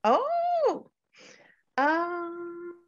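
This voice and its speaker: A woman's voice: very high voice, very animated, drawn-out words. An older Australian woman poet reading her work and then chatting in answer to questions, laughing often and trailing off with fillers. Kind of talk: poetry reading and Q&A. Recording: dull lo-fi video call audio.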